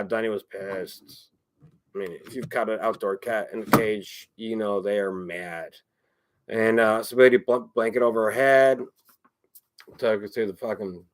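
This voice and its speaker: A man chatting casually on his own, rambling, swearing often and repeating himself. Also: on the low side. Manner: rambling, profane, repeats phrases. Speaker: streamer.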